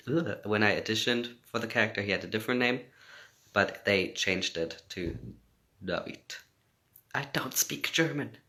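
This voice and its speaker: A man's voice: low voice, pushed and bright. A man whose first language is English, chatting casually on a phone livestream, reading out and answering fan comments, laughing often and switching between English and German.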